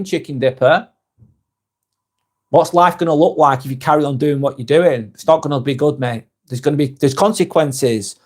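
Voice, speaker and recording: A man hosting a live vlog, chatting casually and reading viewers' comments aloud, with frequent "um"s and quick apologies. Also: on the high side, a little mellow. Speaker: live-stream host.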